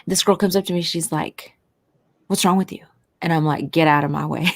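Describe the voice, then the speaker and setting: A woman co-hosting a casual chat, telling a story in an animated way and acting out the people in it. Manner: animated, swings pitch when quoting people. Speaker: podcast co-host.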